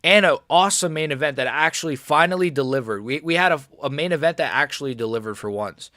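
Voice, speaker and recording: A man hosting a casual livestream, reading chat aloud and talking in a relaxed, rambling way with many fillers and restarts. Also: fairly high pitch, fast talker, dry recording, clean studio sound. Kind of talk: casual live-stream chat.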